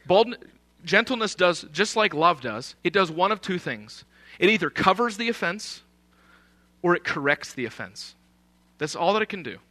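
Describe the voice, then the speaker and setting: A man's voice: high-pitched, sing-song, moderate pace, pushed and bright. A man preaching a sermon in an emphatic, conversational way, often posing rhetorical questions.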